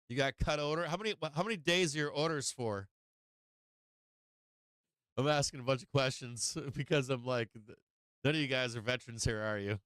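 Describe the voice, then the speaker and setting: With frequent pauses and a normal speaking speed, a middle-aged man runs a market live stream from his home. His medium-pitched voice is smooth and a bit bright, the recording is dry, and he rambles casually while greeting viewers by name.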